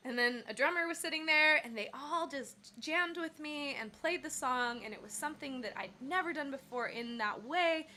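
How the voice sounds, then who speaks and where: A woman's voice: high voice, normal speed, hardly any pauses, bright, forceful tone, a little hiss or hum. A woman singer telling a rambling story on her casual livestream, with many fillers and self-corrections. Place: Bali.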